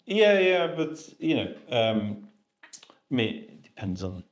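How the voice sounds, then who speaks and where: A man hosting a podcast, talking in a relaxed, rambling way with many fillers. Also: mid-range voice, unhurried. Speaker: podcast host. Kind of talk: casual podcast chat.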